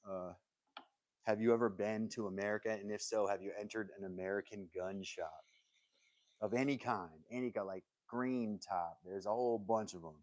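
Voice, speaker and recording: Male live-stream host, low-pitched, dry close sound, loose jokey banter aimed at his chat. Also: normal speed, a little mellow, no echo. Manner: joking, rambling, laughs often and talks straight to chat. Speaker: livestream host. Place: home woodworking workshop.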